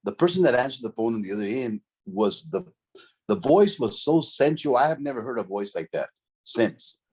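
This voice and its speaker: A man's voice: mid-range voice, animated, normal speed, a little mellow, breathy edge. A middle-aged man, telling a story from his past in a casual, profane, streetwise way, full of "bro" and "right?". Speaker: interview guest, former convict.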